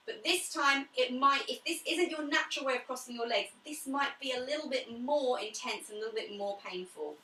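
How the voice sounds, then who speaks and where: A woman leading a home pilates class, talking through stretches and breathing cues in a calm, chatty way. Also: sits high, brisk, few pauses, recorded from a distance. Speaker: pilates instructor. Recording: echoey room, away from the mic.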